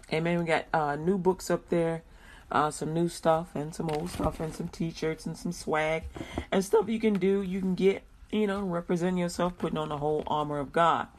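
A woman hosting a Christian radio show, mixing slow, drawn-out prayers with chatty talk and frequent laughter. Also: lowish voice, a little hiss or hum.

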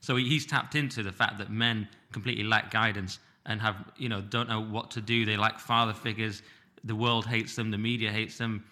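Man, podcast guest, fast talker, very bright sharp voice, emphatic. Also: fairly low pitch, flat delivery. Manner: quick, emphatic opinionated talk. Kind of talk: casual chat.

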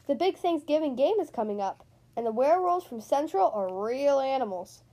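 A woman's voice: high-pitched, big pitch swings, normal speed, warm tone. Woman reading as a gloomy old janitor man, full of warnings. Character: worried old male school janitor.

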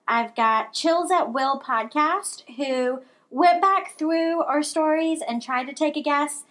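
Chatty woman podcast host, pretty high voice, rambles a bit with lots of ums. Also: slow pace, a bit bright. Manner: chatty, rambling with fillers and restarts. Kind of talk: casual chat.

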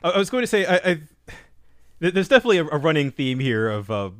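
A man's voice: fairly high pitch, fast, no echo, studio quality. A man co-hosting a podcast, chatting casually about a manga, laughing easily and using plenty of fillers. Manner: animated, laughs a lot, lots of fillers. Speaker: podcast co-host. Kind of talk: casual chat recapping a manga.

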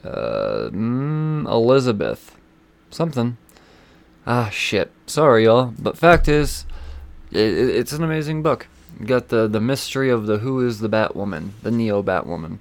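A man hosting a podcast, casually reviewing comic books in a rambling, excitable way, with lots of fillers and swearing. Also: medium pitch, measured pace, gravelly. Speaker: podcast host.

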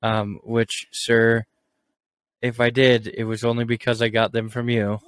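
A man's voice: medium pitch, monotone, measured pace, fairly bright tone, dry recording. A man co-hosting a podcast in casual, crude banter, cursing freely, rambling and laughing at his own stories. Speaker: podcast co-host.

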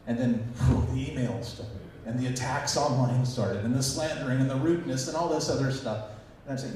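A man's voice: medium pitch, a little fast, slight background noise. Man telling stories in an echoey hall. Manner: animated, acts out quoted voices. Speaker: conference speaker. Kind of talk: storytelling talk to an audience. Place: conference hall. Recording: echoey hall recording from far off.

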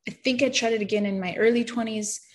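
A woman giving an earnest, emotional personal testimony, halting and stammering at times and often dropping to a soft, quiet voice. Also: on the high side, fairly even intonation. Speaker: person sharing a faith testimony.

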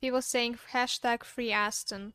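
A woman co-hosting a casual livestream who makes blunt, wry remarks. Her voice sits a little high and sounds smooth and clear, with a dry, close sound. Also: steady tone, measured pace, sharp tone, no echo. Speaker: livestream co-host. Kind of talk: casual chat.

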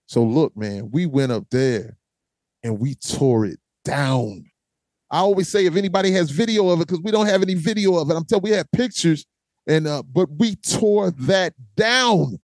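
A man in a relaxed Q&A, telling road stories with lots of "man" thrown in and acting out the voices and crowd chants as he goes. His voice sits a little high for a man. The recording is dry and close, with no room sound. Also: fairly quick, dry recording. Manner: casual, peppered with "man". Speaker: host answering fan questions; former vocalist of a metal band. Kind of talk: casual storytelling Q&A.

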